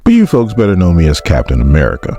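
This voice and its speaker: A man's voice: sits low, huge pitch swings, fast, mellow, faint music behind, heavily acted. A man voicing Captain America giving an earnest public speech, in close to his own voice.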